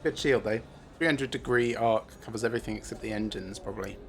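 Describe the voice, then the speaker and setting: A man giving casual gameplay commentary as a streamer, thinking aloud with many filler pauses. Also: on the low side.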